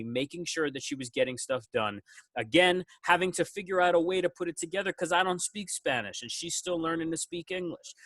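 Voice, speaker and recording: A male teacher speaks over a video call, his voice bright and forward. The sound is dry and close, with little room in it, and he praises each student in turn with lively, quoted asides. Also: a little high, no room sound. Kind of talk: casual award speech on a video call.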